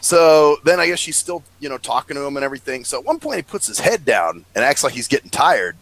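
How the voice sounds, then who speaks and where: Animated man telling a story. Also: a little high, a little fast, no echo, low-quality recording. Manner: animated storyteller, acts out quoted voices; swears freely. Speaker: podcast co-host. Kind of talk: casual storytelling chat.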